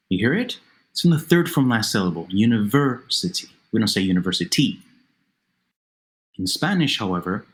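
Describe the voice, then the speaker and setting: A man narrating a language lesson, explaining slowly and carefully and repeating words for the listener, over a noisy voice-over recording. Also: lowish voice, fairly bright tone. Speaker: Spanish teacher. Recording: noisy narration with faint music.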